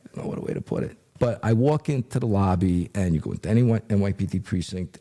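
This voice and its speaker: A middle-aged man with a low, dark and husky voice tells a story from his working years. His talk is casual and animated, full of fillers. He acts out the lines of the people in the story. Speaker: retired investigator, guest.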